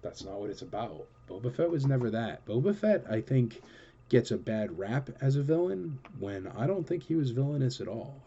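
Rambling, enthusiastic man with a mellow voice. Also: fairly low pitch, husky, dull audio. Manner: rambling and enthusiastic, with many fillers. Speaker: collector show host answering viewer questions. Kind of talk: casual chatty Q&A.

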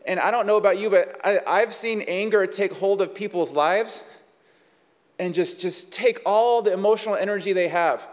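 A man's voice: high-pitched, normal speed, in a large hall. A man preaching a sermon in a conversational way, with frequent fillers and rhetorical questions. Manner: conversational, with many fillers and asides. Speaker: pastor.

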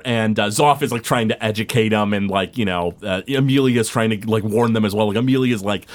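A man's voice: fairly low pitch, moderate pace, few pauses. A man narrating as game master of a tabletop role-playing game, rambling with many fillers. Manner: rambling, full of fillers, drops briefly into character voices.

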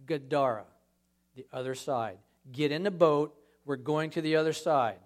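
A man giving a conversational sermon in a church as a guest speaker, acting out scripture scenes with lively emphasis. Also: on the high side, normal speed.

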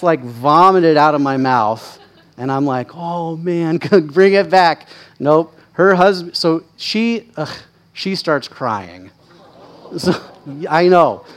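A man preaching as a pastor, telling stories in a candid, self-deprecating, conversational way, often checking in with his listeners and getting louder and higher when excited. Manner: candid, self-deprecating, chatty with frequent "right?" asides; lively, rising in pitch and volume when excited. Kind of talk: conversational sermon storytelling.

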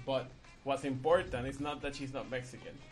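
A man's voice: mid-range voice, fairly even intonation, brisk. Joking male vlog host over a music bed. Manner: joking, goading, coaxing. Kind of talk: casual chat.

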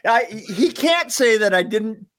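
Guesting on a podcast, this middle-aged man tells a meandering story full of stumbling restarts and self-mocking laughter, the talk casual and chatty. He speaks at a measured pace in a high-pitched, animated voice with a fairly bright tone.

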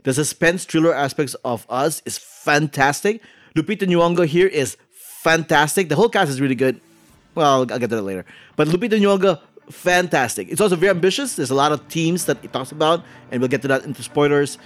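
A man's voice: a little high, expressive, fairly quick. A man hosting a podcast, chatting casually and prompting his co-host with questions.

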